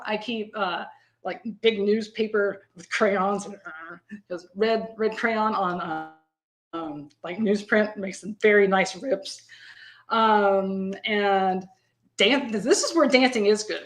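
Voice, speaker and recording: A woman's voice: fairly high pitch, fairly bright tone. A woman in her fifties in casual live-stream podcast talk, rambling and conversational, often laughing. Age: 50s.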